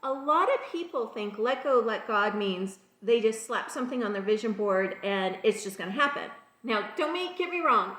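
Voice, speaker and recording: A woman with a high, bright voice delivers an emphatic motivational faith talk. She repeats her key points and talks straight to her listeners. The sound rings a little, as in an echoey room. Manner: emphatic, repeats key phrases, addresses listeners as "you guys" and "people". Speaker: spiritual teacher.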